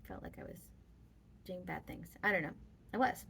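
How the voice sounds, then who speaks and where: A woman's voice: on the low side, very animated, moderate pace, creaky, fairly bright tone, breathy edge. A woman vlogger telling a personal story in casual, rambling talk with many fillers.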